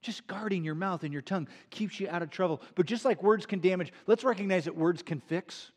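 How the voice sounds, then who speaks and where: A middle-aged male pastor delivering a sermon in a slightly high voice. He is earnest and emphatic, and he leans on repetition. He slows right down to draw out the phrases he wants to land. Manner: earnest, emphatic preaching with slow drawn-out key phrases and repetition.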